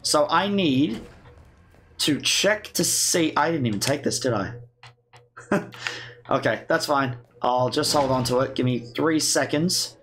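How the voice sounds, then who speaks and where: A man's voice: on the high side, unhurried, long pauses, a bit bright, faint music behind. A man giving casual, self-mocking gameplay commentary with sarcasm and swearing. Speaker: let's play gamer.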